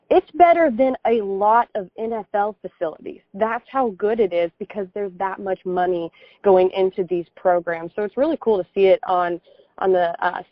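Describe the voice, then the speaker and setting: An American woman in her twenties, a podcast guest chatting in a lively, quick way. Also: medium pitch, dry recording, muffled recording. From United States. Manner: lively, laughing, quick talker. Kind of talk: casual conversational chat.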